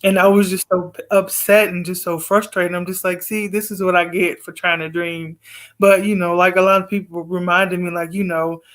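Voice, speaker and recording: A man's voice: high-pitched, little pitch movement, normal speed, a bit bright. A man guest on a video call telling a long story casually, rambling with fillers and acting out quoted exchanges. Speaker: guest poet.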